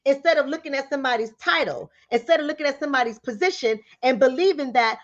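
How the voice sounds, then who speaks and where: Bronx-raised woman, New York accent, high voice, rapid and preachy, direct-to-camera, dull lo-fi audio. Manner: fast-talking, preachy, rhetorical questions to viewers. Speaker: relationship coach and commentator.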